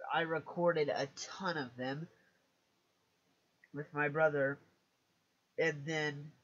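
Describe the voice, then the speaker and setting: Man on a live stream, slow rambling talk, a bit high, self-deprecating, muffled lo-fi audio. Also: fairly bright tone. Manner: hesitant and self-mocking, many restarts.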